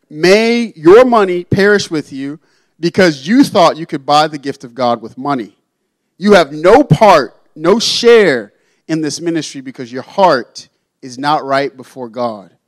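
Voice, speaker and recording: A man's voice: mid-range voice, no room sound, poor audio. A young adult male pastor preaching a sermon in a conversational way, acting out the Bible figures in casual everyday voices.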